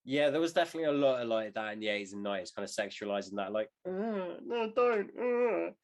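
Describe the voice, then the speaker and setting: A man's voice: fairly low pitch, steady tone, very fast. A young man co-hosting a podcast in casual chat, rambling and swearing with jokey asides. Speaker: podcast co-host.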